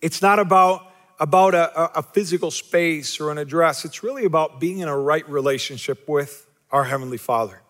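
A man's voice: on the high side, moderate pace, fairly bright tone, long reverb tail. A male pastor preaching a sermon, asking the congregation rhetorical questions, repeating key phrases for emphasis, and joking at his own expense. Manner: self-deprecating humor.

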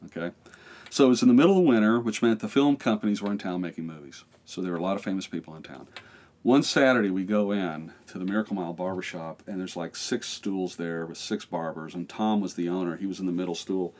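Low-voiced man telling a lively story. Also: quick pace. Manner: lively storyteller, acts out quoted voices, laughs often. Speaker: pastor and interview guest. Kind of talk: animated storytelling in a podcast interview.

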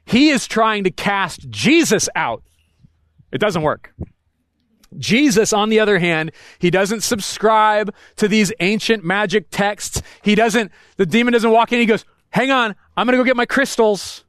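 High-voiced pastor giving a casual sermon. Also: male voice, expressive, unhurried, fairly bright tone, dry recording, studio quality. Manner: casual, slangy and emphatic, with frequent "right?" asides. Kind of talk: conversational sermon.

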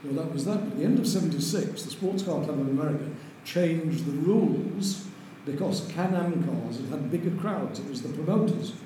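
A man's voice: on the high side, fairly quick, hardly any pauses. Older man telling racing stories. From Lancashire, England. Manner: lively, chuckles through stories. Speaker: interview guest, racing driver. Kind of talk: anecdotal storytelling. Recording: very echoey room with faint noise.

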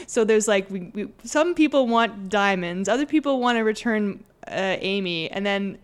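A woman co-hosting a podcast in casual chat, talking in animated quick bursts with laughing asides. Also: mid-range voice. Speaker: podcast co-host.

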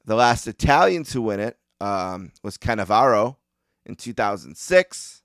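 A man's voice: on the low side, big pitch swings, a little slow, a bit bright, dry recording, clean studio sound. A man with a Western New York accent hosting a sports podcast, talking alone in a rambling, self-deprecating way with lots of ums and uhs. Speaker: podcast host. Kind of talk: casual solo monologue.

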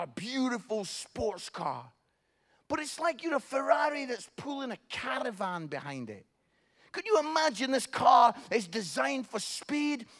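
A man preaching a sermon, telling jokey, animated stories. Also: very high-pitched, vocal fry.

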